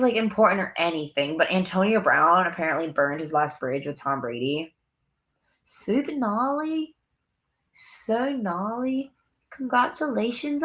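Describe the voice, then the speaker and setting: A woman's voice: mid-range voice, animated, moderate pace, a bit bright. A young woman hosting a casual sports live stream from home, bubbly and chatty, talking straight to her viewers. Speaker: sports podcast host. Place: home room near window.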